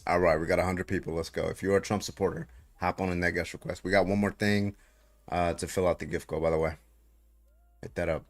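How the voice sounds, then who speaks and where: A man's voice: sits low, level tone, fast. A man hosting a livestream debate show, talking in a brash, hyped and profane way, greeting viewers and questioning guests. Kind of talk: casual livestream chat and debate.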